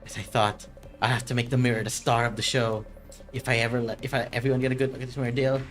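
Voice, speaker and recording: A streamer voicing a vengeful woman who poses as a ghost, speaking low, brooding and menacing in a game. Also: little pitch movement, fast, faint music behind, natural voice. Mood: scheming. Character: vengeful woman posing as a ghost, cold and grim.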